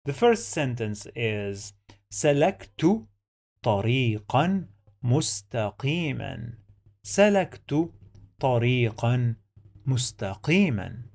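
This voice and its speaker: A man's voice: medium pitch, creaky. A man teaching an Arabic reading lesson, repeating each word and syllable patiently while he explains every rule. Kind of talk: slow, patient language lesson.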